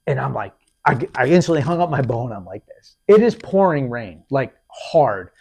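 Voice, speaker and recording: A man hosting a podcast, telling a hunting story in a lively, casual way, acting out what people said and often restarting his sentences. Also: medium pitch, normal speed, vocal fry, breathy edge. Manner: animated, acts out quotes, repeats and restarts. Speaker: podcast host.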